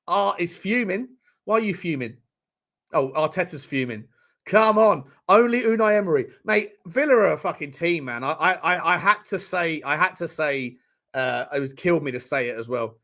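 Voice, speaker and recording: A man hosting a live football watchalong stream, reacting to the chat in an excitable, sweary way with bursts of laughter. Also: sits high, normal speed.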